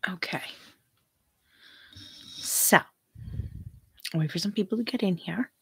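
A woman's voice: mid-range voice, slow pace, creaky, breathy edge, no echo. Giggly woman hosting a tarot livestream. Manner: giggly, reads viewer comments aloud, chatty and affectionate. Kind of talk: casual livestream chat.

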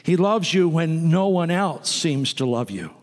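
A man's voice: fairly high pitch, expressive, unhurried. A man preaching a sermon to his congregation, conversational, with asides to the people in the pews. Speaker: pastor. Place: church sanctuary. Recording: long reverb of a church sanctuary.

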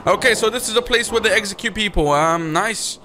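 Young man, gameplay commentary, excitable, jumpy, bright, sharp voice. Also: high voice, fairly quick, faint music behind. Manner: excitable, jumpy, talks to viewers as "boys". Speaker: gaming video host.

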